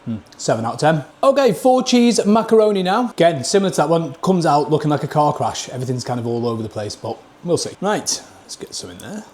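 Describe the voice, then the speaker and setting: Here a Northern English man talks fast and animatedly in a medium-pitched, slightly mellow voice. It's a casual food review vlog where he tries dishes at a table, speaking into a camera mic. He keeps things blunt and plain, marking each dish out of ten.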